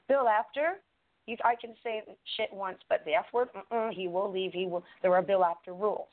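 A woman's voice: medium pitch, moderate pace. A woman co-hosting a podcast, talking in a blunt, profane, rambling way. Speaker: podcast co-host. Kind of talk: casual podcast chat. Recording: tinny phone-line call-in audio.

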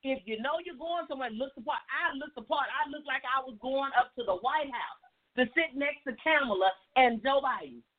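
Lady coach preaching her story, folksy, keeps repeating herself, kinda high voice, sounds like over the phone. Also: brisk. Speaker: life coach. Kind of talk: animated testimony talk. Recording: tinny phone-like sound, faint music.

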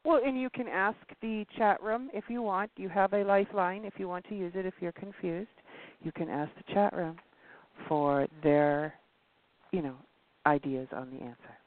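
A woman's voice: on the low side, fairly even intonation, moderate pace. A bubbly, teasing woman hosting a live radio game show. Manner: bubbly, teasing, laughs loudly. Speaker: host. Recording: tinny phone line.

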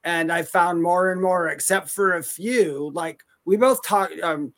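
A man co-hosting a live chat show about the paranormal, talking casually with hesitant restarts and quick laughs. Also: high-pitched, a bit bright. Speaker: co-host.

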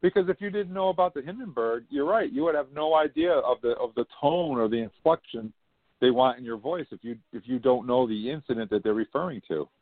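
A man's voice: mid-range voice, fairly quick, no echo. A male host in a casual chat, chatty and easily impressed, heard over a phone line. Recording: dry, tinny phone line.

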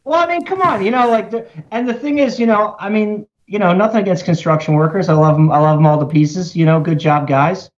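A man's voice: high voice, a little fast, few pauses. A man with a Baltimore accent hosting a casual chat, rambling and joking with lots of fillers. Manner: rambling, jokey, many fillers. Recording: slightly dull lo-fi audio.

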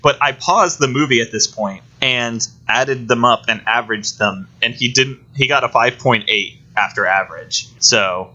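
Recapping a film's plot in casual, rambling detail, this podcast co-host speaks at a moderate pace with hardly any pauses. His mid-range voice has a sharp tone, and the recording is dull and lo-fi.

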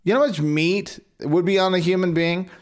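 A man's voice: high voice, steady tone, brisk. A man reading a fairy tale aloud with an irreverent, sarcastic manner, breaking off for profane asides. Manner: irreverent, sarcastic, swears freely. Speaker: storyteller.

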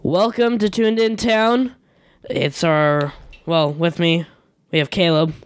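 A man's voice: a little high, takes it slowly, music in the background. A teenage man hosting a casual home podcast, hesitant and prone to restarts and laughter. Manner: hesitant, lots of fillers and restarts, laughs often. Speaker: podcast host. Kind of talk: casual chat. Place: home basement.

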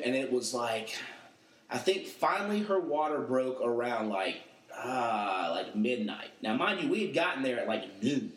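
A young man tells a story on a casual podcast, his voice sitting a little high for a man. He talks in an animated way and slips into other people's voices as he quotes them. The sound carries an echo from the room. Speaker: podcast panelist.

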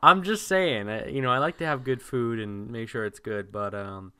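Co-host in easy banter, bright and smooth-voiced. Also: mid-range voice, normal speed. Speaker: podcast co-host. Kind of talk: casual chat.

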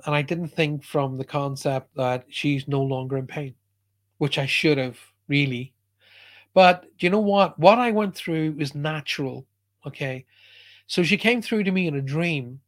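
A man, a psychic medium answering a listener's question and telling a personal story in an earnest, emphatic way, often restarting his sentences. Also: medium pitch. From Ireland.

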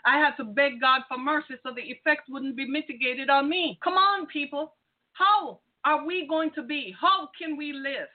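A woman podcast host giving an impassioned, preaching monologue, firing rhetorical questions at the listener. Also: high voice. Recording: tinny phone-like sound.

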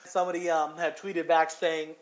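A man's voice: a little high, flat delivery, moderate pace. Rambling, swearing man on a lo-fi podcast. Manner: rambling, swears a lot, restarts often. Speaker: podcast co-host. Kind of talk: casual chat.

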